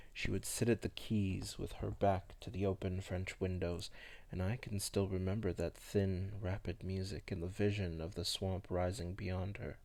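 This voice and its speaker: A man voicing a melancholy old vampire who recalls his past slowly and softly. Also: low-pitched, gravelly. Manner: slow, soft, hushed storytelling.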